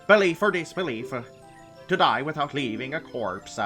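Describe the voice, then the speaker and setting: A man's voice: a little high, expressive, moderate pace, sharp tone, soft background music. A man voicing a proud, defeated ghost ninja master in a dramatic, dubbed-anime style.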